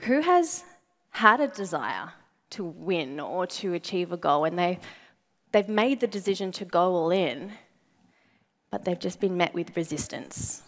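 Animated woman speaker telling a story. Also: lowish voice, a little slow. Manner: animated, acts out her own remembered lines; asks the audience questions. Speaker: motivational speaker. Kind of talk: storytelling keynote talk to a live audience.

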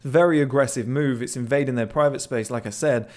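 A man with a mid-range, somewhat dark voice speaks fairly quickly as a body language analyst commenting casually on a video clip. He is chatty, swears now and then, and often repeats words when restarting.

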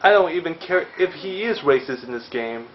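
A man's voice: on the high side, animated, normal speed, slight background noise. A young man giving casual gameplay commentary as a let's play host, joking and cursing playfully. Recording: slightly dull audio with faint game music.

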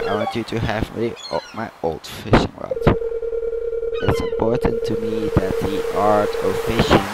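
A man reading out the lines of a friendly, down-to-earth male fisherman in a flat voice, with loud noise behind him. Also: fairly low pitch, gravelly. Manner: read out flatly, without a character accent.

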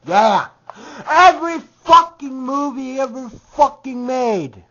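A man ranting to camera in a comedic, heavily profane vlog, swinging from shouts to mutters. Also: very high-pitched, expressive, takes it slowly, heavy background noise. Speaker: vlogger. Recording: dull lo-fi home recording.

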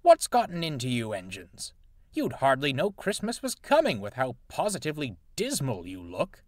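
A man doing a brisk railway boss. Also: medium pitch, huge pitch swings, no echo, clean studio sound. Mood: chiding.

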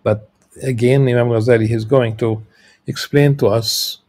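A man giving a lecture, reading a religious text and explaining it in a halting way, with many filler sounds and restarts. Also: medium pitch, steady tone, a little mellow.

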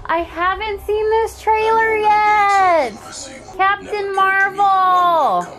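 Young woman gushing and giggling over trailers, voice jumps all over, slow and drawn out, music going underneath. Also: very high voice, animated, fairly bright tone. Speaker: vlog host. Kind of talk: excited fan reactions. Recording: music playing behind.

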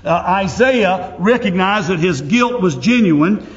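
Preacher swinging loud to hushed. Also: male voice, high voice, expressive, measured pace, big-room sound, muffled recording. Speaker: pastor. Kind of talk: sermon.

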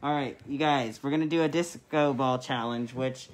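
A man's voice: mid-range voice, fairly even intonation, normal speed, a little hiss or hum. A man on the staff of a cat shelter, chatting playfully and laughing often on a casual live stream. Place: indoor cat shelter room.

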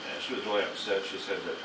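Speaking quickly in a low, steady voice, this sixty-something guest actor swaps anecdotes at a live Q&A, laughing and cursing freely. The audience fills a small underground venue. Captured from far off, the sound echoes around the room and carries heavy noise.

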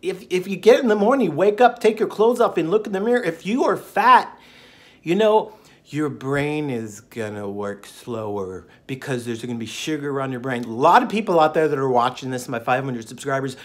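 A man runs his own diet channel, speaking at a normal speed in a fairly high, expressive voice. His casual monologue is jokey and digressive, packed with fillers and asides.

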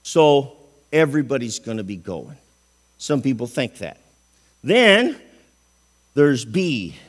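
A man's voice: medium pitch, sing-song, slow pace. A man preaching a folksy, emphatic sermon in a church, asking the congregation questions.

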